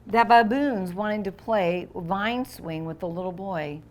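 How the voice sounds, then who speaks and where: With a mid-range voice, a woman teacher reads aloud from a picture book to young children, breaking off to explain words and performing the sound effects with animated expression.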